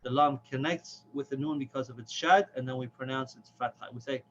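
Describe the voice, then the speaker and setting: A man giving a patient step-by-step lesson on Quran reading, stretching the example words out slowly. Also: mid-range voice, fairly even intonation. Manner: patient, slow, drawn-out chanted examples. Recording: dull lo-fi with faint hiss.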